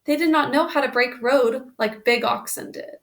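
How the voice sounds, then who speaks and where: A woman's voice: high voice, moderate pace. A woman reading a children's book aloud, stopping now and then to explain the story in plain asides. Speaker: reader.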